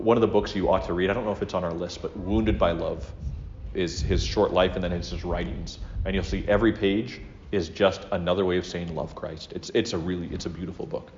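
A man's voice: low voice, darkish tone, a little hiss or hum. A man giving an earnest, conversational religious teaching talk to a class, with asides and self-corrections. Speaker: teacher of a class on spiritual life. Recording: roomy, dull lo-fi room recording.

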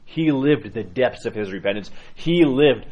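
A man's voice: medium pitch, animated, unhurried, a little mellow, muffled recording. A man teaching a catechism lecture, earnest and emphatic, often repeating himself for weight.

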